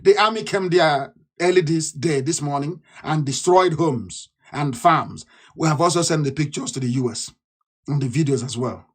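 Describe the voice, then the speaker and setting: A man giving an impassioned political broadcast, fiery and scornful, repeating himself and bursting into shouts. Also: on the high side, normal speed, breathy edge. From Nigeria. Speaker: activist leader.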